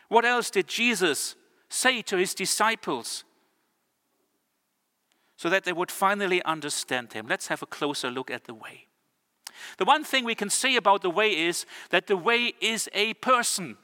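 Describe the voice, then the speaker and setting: Male preacher, earnest, drawn-out emphasis; bright, forceful tone. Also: sits high. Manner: earnest, slows words for emphasis. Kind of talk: sermon. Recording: long church reverb.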